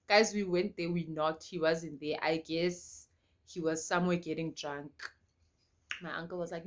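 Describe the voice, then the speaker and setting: A young South African woman telling a personal story to her viewers in an animated, emphatic way, repeating lines for effect. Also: on the low side, measured pace. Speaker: storytime vlogger. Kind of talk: casual storytelling to camera.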